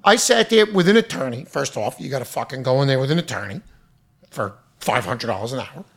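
A man who runs a restaurant, angrily venting in a loud, profane, exasperated rant. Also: mid-range voice, expressive, fairly quick.

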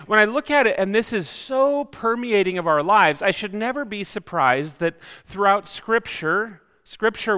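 Bright-voiced man preaching in a reverberant hall. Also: high-pitched. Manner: reflective, many rhetorical questions. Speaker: pastor. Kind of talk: sermon.

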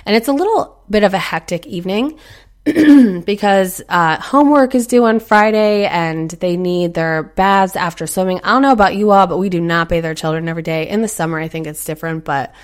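Chatty mom type, slightly low voice, talks mindset stuff, earnest, acts out her inner voice. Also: fairly quick. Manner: earnest, encouraging. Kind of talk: casual motivational talk.

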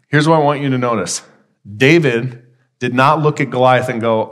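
A man's voice: medium pitch, brisk. Casual young preaching man. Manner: conversational preaching, paraphrasing scripture in casual voices. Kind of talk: sermon.

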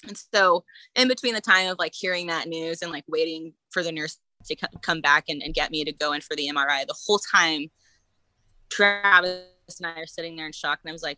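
A woman tells her story casually, laughing often and piling on fillers. Her voice is bright and forceful, pitched a bit low. The sound is dry and close. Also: expressive, fairly quick, no echo, poor audio. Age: late 20s. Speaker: guest sharing her story.

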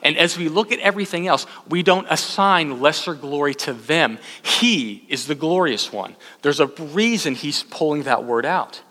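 A young man from Texas preaching a sermon to a church congregation, conversational and animated, with asides to the listeners. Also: fairly high pitch, normal speed, hardly any pauses. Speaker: pastor. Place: church sanctuary. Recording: long hall reverb.

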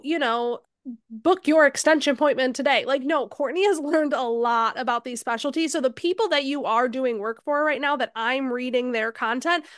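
A woman's voice: sits high, fairly bright tone, clean tone, dry recording, studio quality. A woman hosting a podcast interview, talking in an effusive, encouraging way with lots of "like". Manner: effusive and encouraging, heavy use of "like". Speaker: podcast host.

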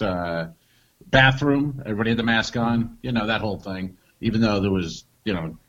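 A man's voice: mid-range voice, fairly bright tone, highs cut off. A man co-hosting a comedy podcast, telling jokes and road stories in loose, casual chat and swearing freely.

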